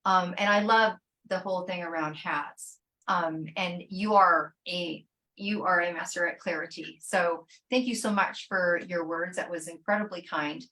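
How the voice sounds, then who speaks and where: A woman hosting an online summit, effusive and warm in her thanks, with many fillers. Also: on the low side, unhurried. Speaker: summit host.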